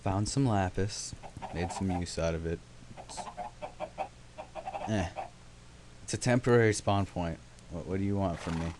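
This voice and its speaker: A man's voice: sits low, unhurried, pauses often, background noise. A young man casually narrating his gameplay, rambling with sarcastic, self-mocking asides. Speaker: let's play host.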